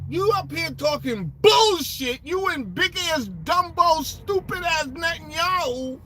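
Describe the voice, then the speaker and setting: A man rants in casual commentary with a very high, bright and sharp voice that leaps up and down. He talks profanely and sarcastically in street slang, wandering through restarts and asides. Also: animated, slow, hardly any pauses. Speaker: political commentator.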